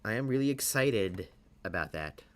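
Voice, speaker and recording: A game streamer chatting casually on a livestream, rambling and restarting sentences often, with lively swings in energy. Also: medium pitch, moderate pace. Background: game music.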